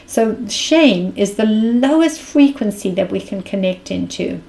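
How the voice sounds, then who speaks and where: A woman's voice: medium pitch, lively intonation, unhurried, creaky, dark tone, rough recording. A woman with a South African accent giving a reflective mindfulness talk as a spiritual speaker, earnest and thinking aloud.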